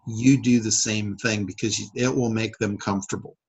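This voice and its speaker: A public speaker and sales trainer runs a casual coaching call, rambling along with plenty of fillers and restarts. His voice sits on the low side, steady, moderately paced and a little mellow, and the rough recording carries some hiss or hum.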